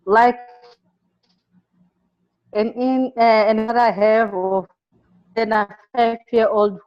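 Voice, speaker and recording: A woman teacher from Zimbabwe, answering an interview by telling classroom stories in a halting way, repeating words and acting out the pupils she quotes. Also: fairly high pitch, steady tone, highs cut off.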